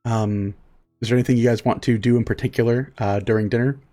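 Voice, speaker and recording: A man's voice: medium pitch, fairly even intonation, fast, mellow. A man running a tabletop game as game master, narrating casually with lots of fillers.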